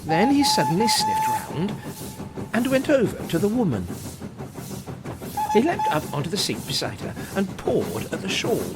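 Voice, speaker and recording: A narrator reading a children's storybook aloud in an expressive, animated way. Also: medium pitch, moderate pace, long pauses, loud music behind the voice. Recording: hissy home recording.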